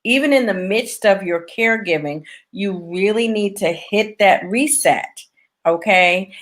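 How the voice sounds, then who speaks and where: A woman's voice: medium pitch, a little slow, fairly bright tone. A woman hosting a talk show, speaking in an encouraging, motivational way with frequent fillers. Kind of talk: casual conversational interview.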